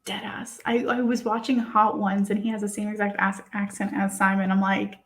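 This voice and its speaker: A young woman hosting a casual podcast chat, excitable and chatty, often breaking into laughter. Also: medium pitch, normal speed. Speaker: podcast host.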